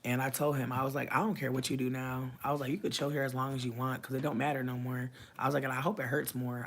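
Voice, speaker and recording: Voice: mid-range voice, slight background noise. A young adult vlogger telling a story in a casual rant, venting animatedly with heavy slang and cursing.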